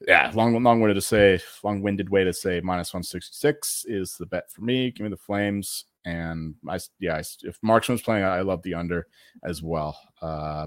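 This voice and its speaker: A man's voice: low-pitched, dry recording, studio quality. A man co-hosting a sports betting podcast, talking in a rambling way, repeating words and swearing casually. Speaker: podcast co-host.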